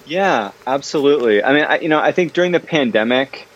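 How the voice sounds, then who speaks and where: A man's voice: medium pitch, fairly quick. Chatty man with a dull, lo-fi sound. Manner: animated, chatty, many fillers and restarts. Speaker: guest, parenting author. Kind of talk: casual interview conversation.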